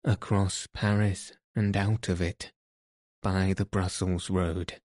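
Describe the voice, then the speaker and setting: A man's voice: sits low, little pitch movement, slow pace, darkish tone, no echo, studio quality. A man voicing a smug, self-satisfied police commissary who questions and lectures in a pointed way. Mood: questioning.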